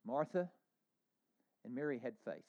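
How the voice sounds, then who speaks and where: A man preaching a sermon as pastor, earnest, moving between hushed lines and emphatic ones. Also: medium pitch, big pitch swings, measured pace, vocal fry, muffled recording.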